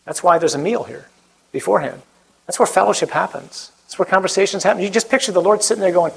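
Husky-voiced priest preaching with energy. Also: male voice, high-pitched, fast, rough recording. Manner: animated, acts out quoted voices. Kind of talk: preaching talk and prayer.

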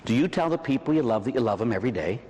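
A priest from Pittsburgh with a Pittsburgh accent, preaching an evening sermon with personal stories. He slows and sinks low for emphasis, and tags his points with "huh?" and "right?". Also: lively intonation, a little mellow, big-room sound. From Pittsburgh, USA. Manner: slows and drops low for emphasis, then rises.

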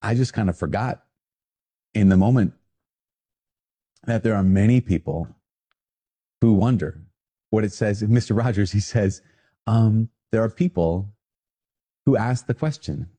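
A man, a priest, talking casually and animatedly to viewers in a video, quick to poke fun at himself. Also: on the low side. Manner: animated, self-deprecating, talks to the viewer.

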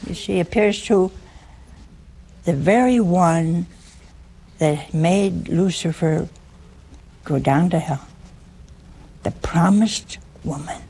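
A woman's voice: fairly low pitch, gravelly, a little mellow, husky. A woman preacher giving a sermon to a live audience, humorous, teasing and conversational.

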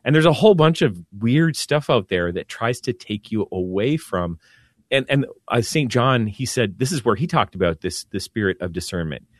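A man, a Catholic priest, co-hosting a radio talk show and speaking in a calm, reflective way. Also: moderate pace, no room sound, clean studio sound. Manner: calm, reflective, lowers his voice to soothe. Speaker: priest co-host.

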